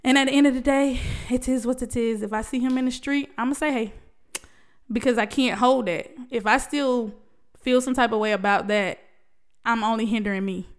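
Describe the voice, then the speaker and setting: A woman's voice: on the high side, steady tone, normal speed, smooth. A young woman talking candidly to her viewers about her life and faith, with frequent restarts and laughter. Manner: emotional, testifying, laughs often, many restarts. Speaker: vlogger sharing a personal story. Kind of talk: candid personal talk to camera.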